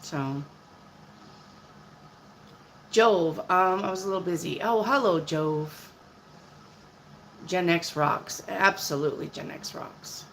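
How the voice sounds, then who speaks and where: Tarot reader, woman, 50s, low voice, blunt and chatty, faint background hiss. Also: takes it slowly, long pauses, a bit bright, rough recording. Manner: blunt, chatty, answers questions from chat. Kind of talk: live-stream reading of viewer questions.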